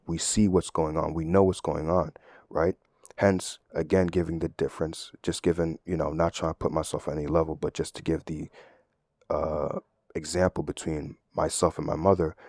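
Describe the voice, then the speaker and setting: A man with a very low, deep voice talks through a casual sermon, recorded dry and close with no room sound. He explains things in a loose, conversational way and keeps checking in with his listeners. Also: darkish tone, dry recording. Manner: conversational, tag questions, sports analogies. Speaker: Bible teacher.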